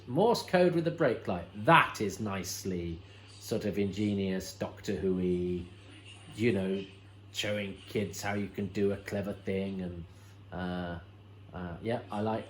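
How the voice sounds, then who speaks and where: A man's voice: low voice, slight background noise, poor audio. A man hosting a watch-along, commenting on an old episode in a chatty, enthusiastic way with many fillers and restarts. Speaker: host.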